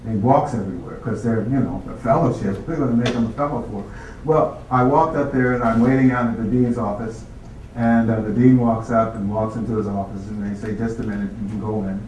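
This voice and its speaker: A man's voice: medium pitch, brisk, a little hiss or hum. A man telling stories from his life to an audience, acting out the voices of the people in them. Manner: acts out others' voices, animated. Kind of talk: storytelling talk. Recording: echoey hall from far off.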